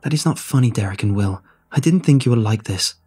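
A man voicing a measured, clinical woman on an undersea station crew in a story reading. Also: mid-range voice, mellow, husky, faint music behind. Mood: indignant. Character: calm female station medic, later upset.

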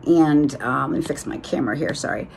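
Chatty low-voiced woman with Boston accent. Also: brisk, gravelly, darkish tone, slight background noise. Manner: chatty, enthusiastic, many fillers. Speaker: beauty vlogger. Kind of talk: casual makeup tutorial.

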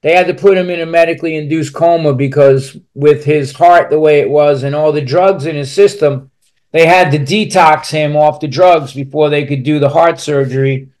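A man's voice: on the high side, steady tone, normal speed, darkish tone. A man speaking as a podcast guest, telling a personal story candidly and bluntly, swearing freely and restarting his sentences as he rambles on.

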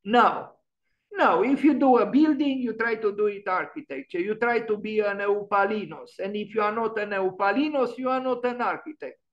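A man's voice: high-pitched, moderate pace, muffled recording. A man giving an online lecture on architecture, musing and emphatic, often restarting his sentences. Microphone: video call.

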